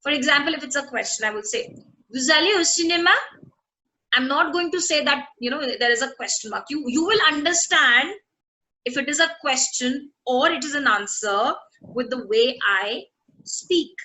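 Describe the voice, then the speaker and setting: A woman with a high, bright voice teaches a French class. She explains patiently and says each example sentence twice. She keeps stopping to ask whether the students understand. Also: expressive, normal speed, a little hiss or hum, low-quality recording. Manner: checks often that students follow. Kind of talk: online language lesson.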